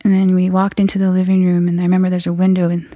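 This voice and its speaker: A woman telling a frightening personal story in an earnest, halting way, often restarting her sentences. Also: lowish voice, completely flat delivery, warm tone, dry recording, clean studio sound.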